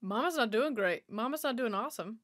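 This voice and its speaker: A woman's voice: a little high, animated, a little fast, a bit bright. A woman giving a chatty, sassy running commentary while watching a film. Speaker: movie watch-along host.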